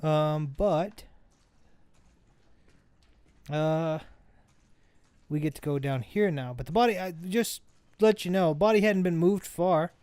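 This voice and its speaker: A man's voice: on the high side, takes it slowly, long pauses, a little mellow, smooth, dry recording. A man casually commentating a video game he plays, rambling and often correcting himself mid-sentence. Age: adult parent. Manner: rambling, self-correcting, chatty. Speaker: let's play host.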